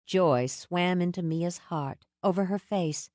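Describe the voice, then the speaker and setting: A woman narrating an audiobook in an expressive storytelling manner. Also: sits low, takes it slowly, hardly any pauses, no echo, studio quality. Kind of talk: scripted narration.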